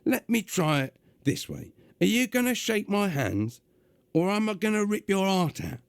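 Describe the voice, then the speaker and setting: A man voicing a gruff, impatient male demon magician with a London accent. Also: sits high, very animated, normal speed, dry recording, pitched above the performer's own voice, heavily acted. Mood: exasperated. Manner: gruff, exasperated.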